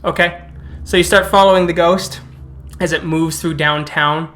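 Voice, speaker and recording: A man narrating a tabletop role-playing game as game master, setting scenes in a calm, descriptive way. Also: on the high side, normal speed.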